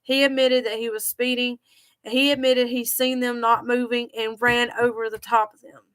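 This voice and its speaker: A woman vlogger telling a personal story in a halting, heartfelt way, grieving, her voice sinking low at the saddest parts. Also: flat delivery, a bit bright. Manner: halting and heartfelt, voice dropping low when sad.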